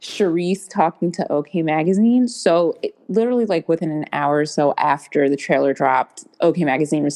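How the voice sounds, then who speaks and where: A woman caller with a lower voice who talks briskly and with conviction, laying out her take on the news. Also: darkish tone. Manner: quick, opinionated.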